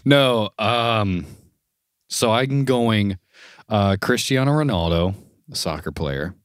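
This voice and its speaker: A man co-hosting a casual podcast, his voice rising and falling in a lively, animated way. He tells stories loudly and slips into playful impressions. The sound is close and dry, with no room around it. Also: lowish voice, slow pace, clear, resonant tone, no echo. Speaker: podcast co-host. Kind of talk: casual chat.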